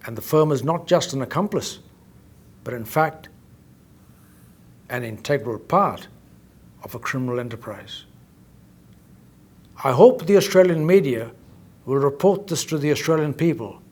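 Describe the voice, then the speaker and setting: A man making an emphatic, accusatory statement at a press conference, repeating his key phrases. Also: on the high side. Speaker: inventor speaking at a press conference.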